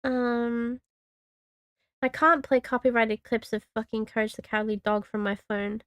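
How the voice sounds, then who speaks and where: A woman's voice: a little high, steady tone, normal speed, clean tone, no echo, clean studio sound. A woman in her thirties streaming a game, rambling casually to herself and her chat and swearing freely. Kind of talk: casual gaming commentary.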